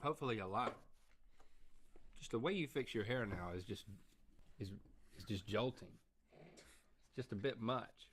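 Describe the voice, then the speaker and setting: A man's voice: on the low side, normal speed, pauses often, slight background noise. A man co-hosting a casual comedic chat, joking and teasing with open disbelief. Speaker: co-host.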